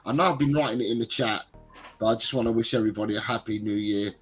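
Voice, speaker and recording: A man's voice: lowish voice, fairly even intonation, racing, soft background music, low-quality recording. A man with a blocked nose from a cold, speaking as a regular on a casual football live stream. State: congested with a cold. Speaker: show regular.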